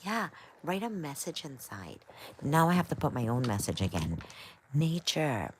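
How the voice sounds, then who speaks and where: A woman's voice: low-pitched, big pitch swings, moderate pace, a little hiss or hum. A woman hosting a livestream, reading chat comments in a scattered, playful, chatty way.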